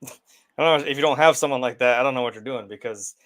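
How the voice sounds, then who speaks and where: A man's voice: medium pitch, fast talker, fairly bright tone. Rambling man in casual movie chat. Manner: rambling, many fillers, laughs often.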